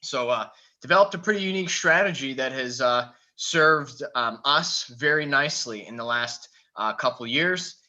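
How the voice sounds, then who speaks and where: A man presenting a live online trading webinar in a relaxed way, with many "uh" fillers, on a computer mic over a video call. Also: medium pitch, normal speed. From Michigan. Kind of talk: casual live webinar talk. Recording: dull lo-fi call audio.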